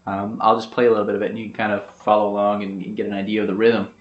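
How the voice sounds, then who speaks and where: A man's voice: on the low side, completely flat delivery, very fast, heavy background noise. A man giving a casual guitar lesson, explaining step by step in an easygoing way with lots of fillers. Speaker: guitar teacher. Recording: roomy, dull sound with loud guitar.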